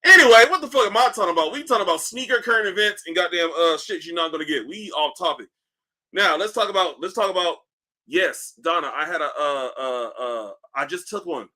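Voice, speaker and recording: A man hosting a casual livestream, reading comments aloud in a loose, profane, animated way while in back pain. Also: on the high side, fairly quick. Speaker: livestream host. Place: indoors at home, seated.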